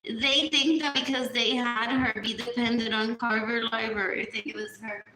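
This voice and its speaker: High-voiced rambling woman on a livestream. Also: fairly even intonation, moderate pace, pushed and bright. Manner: rambling, repeats phrases, drops into whispers. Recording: echoey room with clear background noise.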